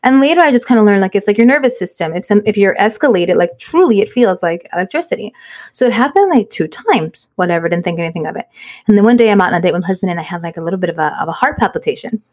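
Fast-talking woman. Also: mid-range voice. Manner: animated storyteller, mixes in Spanish phrases. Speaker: podcast co-host. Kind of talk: casual chat among friends.

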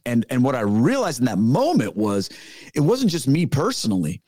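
An earnest middle-aged man tells stories as a podcast guest, emphatic and casual in his phrasing. His voice sits at an ordinary pitch, recorded dry and close with no room sound. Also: wildly swooping pitch, normal speed, warm tone, no echo. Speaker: podcast guest, former pastor. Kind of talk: conversational storytelling.

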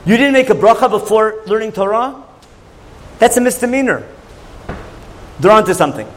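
High-voiced man teaching a Torah class. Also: expressive, moderate pace, low-quality recording. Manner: questioning, conversational, asks the audience.

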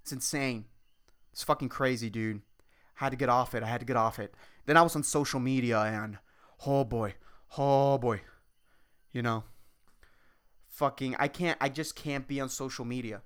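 A man's voice: mid-range voice, a little fast, fairly bright tone, clear, resonant tone. A young adult man hosting a casual solo podcast, ranting with lots of swearing and laughing at himself. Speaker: podcast host and comedian.

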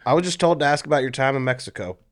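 A man's voice: medium pitch, animated, racing. A man co-hosting a casual studio interview, asking questions and teasing the guest. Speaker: podcast co-host.

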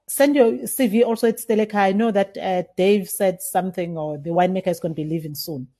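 South African woman telling lively stories, mellow. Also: medium pitch, a little fast. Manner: animated, acts out remembered dialogue with laughs. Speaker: winemaker, guest. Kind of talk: casual interview storytelling.

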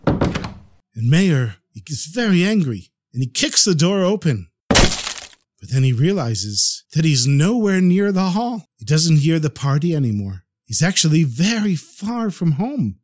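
A man telling a story for a podcast, narrating with animated expression. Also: fairly high pitch.

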